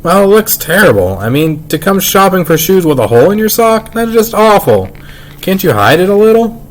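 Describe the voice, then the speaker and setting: A man voicing a fussy, worried mother who talks to her small son slowly and firmly. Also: sits high, sing-song, a little hiss or hum, voice pushed up. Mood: fretting. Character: fussy worried mother, middle-aged woman.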